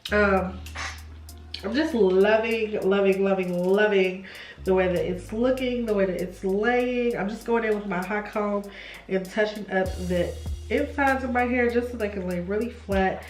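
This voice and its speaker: A young beauty vlogger chats through a casual hair tutorial in a medium-pitched voice at a measured pace. The room is echoey with faint music behind her, and she gushes chattily, saying "y'all" a lot.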